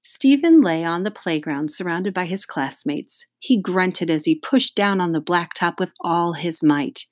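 A woman reading a children's chapter book aloud in a steady storytelling manner, with friendly asides. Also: on the low side, measured pace, hardly any pauses, dry recording, clean studio sound. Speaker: reader.

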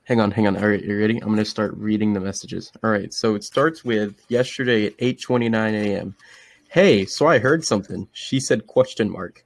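A man's voice: fairly low pitch, steady tone, fairly quick, gravelly, hardly any pauses. A young man hosting a casual podcast, reading text messages aloud, swearing often and restarting his sentences. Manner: swearing, stops and restarts himself. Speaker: podcast host.

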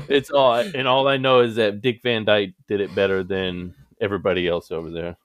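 A man's voice: on the low side, steady tone, normal speed, dry recording, clean studio sound. A man hosting a podcast, teasing and joking in casual banter with his guest. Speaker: podcast host.

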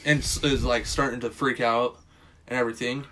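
A man's voice: mid-range voice, flat delivery, a little fast, fairly bright tone. A man recapping a film in loose, rambling casual chat. He swears freely and acts out bits of dialogue along the way. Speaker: podcast co-host recapping a film.

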